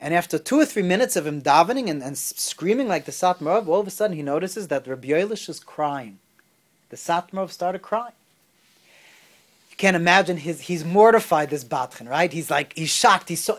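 A man teaching a Torah class, an animated storyteller who rises in pitch on key points. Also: brisk.

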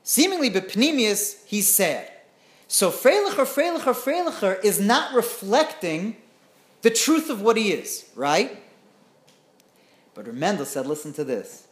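A woman teaching through a story in an animated way, often checking in with her listeners. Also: medium pitch, measured pace. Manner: animated, often asks "right?". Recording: roomy echo.

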